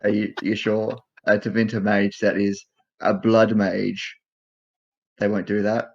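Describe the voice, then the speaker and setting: A man's voice: on the low side, flat delivery, unhurried, gravelly, darkish tone, dull audio. A man voicing a sarcastic male mage who is afraid of being captured, speaking with dry irony.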